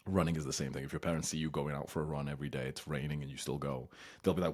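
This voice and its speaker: A man's voice: rumbling low, steady tone, racing, darkish tone. A young man giving blunt, casual advice as host, swearing freely and now and then acting out whiny, childish voices.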